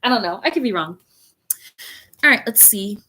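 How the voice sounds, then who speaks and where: Woman teacher, read-aloud over video call; chatty asides, bright animated voice. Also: medium pitch, slight background noise. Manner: chatty, pausing to comment and explain. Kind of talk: read-aloud storytelling to a class.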